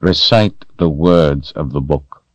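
Guy voicing a slow menacing sorcerer lord, super deep, calm and cold. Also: no room sound, dull audio.

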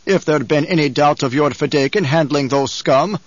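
A man voicing a proud, gruff older desert leader who growls his words slowly and weightily, on a dull lo-fi recording. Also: fairly high pitch, no echo, close to an everyday voice.

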